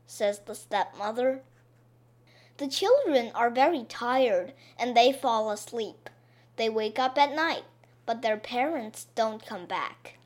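A woman narrating a children's story in a clear, expressive way, made simple for learners. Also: on the high side, slow.

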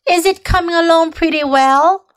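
A woman's voice: very high-pitched, normal speed, voice pushed up. A woman voicing a young, timid male pig who is anxious and earnest, speaking close to her own reading voice. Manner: earnest, worried.

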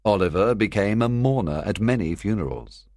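A man reads a simplified classic novel for learners in a very deep voice. He speaks slowly and clearly but with lively rises and falls in pitch. The recording is close and dry. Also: no room sound. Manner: clear, deliberate storytelling. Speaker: narrator. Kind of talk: graded reader audiobook narration.

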